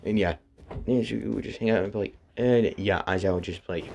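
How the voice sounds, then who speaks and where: A man's voice: on the low side, fast, creaky, a little mellow, a little hiss or hum. Rambling man telling a fan story. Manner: rambling, full of fillers. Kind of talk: improvised fan story retelling.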